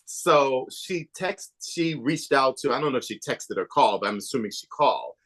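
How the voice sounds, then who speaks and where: A man being interviewed on a podcast, telling behind-the-scenes stories in an animated, gossipy way, swinging between emphatic bursts and hushed asides. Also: mid-range voice, moderate pace. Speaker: podcast guest, author and documentary maker. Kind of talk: casual interview chat.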